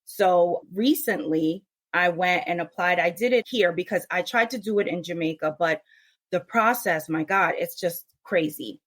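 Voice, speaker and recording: A woman born in the United States, a podcast guest telling her story with animated energy. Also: lowish voice, moderate pace. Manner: animated, mimics others' voices in quotes. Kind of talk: casual podcast interview.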